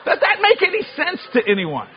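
A man preaching with a high-pitched voice, breaking into loud shouts and folksy humor. The sound is muffled, like an old broadcast recording. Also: huge pitch swings, fairly quick, noisy background. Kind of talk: sermon with comic storytelling.

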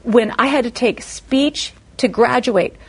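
A woman from Indiana speaks as a guest in a faith-based talk show interview, telling her testimony with lively humor. Her voice sits fairly high and has a husky, breathy edge. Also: slow pace. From Indiana, USA. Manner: animated, humorous storytelling.

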